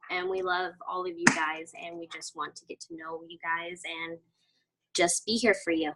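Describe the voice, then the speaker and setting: A woman's voice: fairly low pitch, steady tone, normal speed, noisy background. A woman leading a motivational team video call, enthusiastic and emotional, laughing often.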